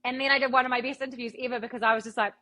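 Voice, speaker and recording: A woman's voice: on the high side, steady tone, racing, pushed and bright. A woman, a radio broadcaster telling stories as a guest in a casual interview, swearing freely. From New Zealand. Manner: chatty storyteller, swears freely.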